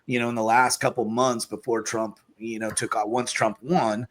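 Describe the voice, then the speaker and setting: A man hosting a casual political talk, speaking haltingly with many fillers and restarts. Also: medium pitch, flat delivery, a bit bright.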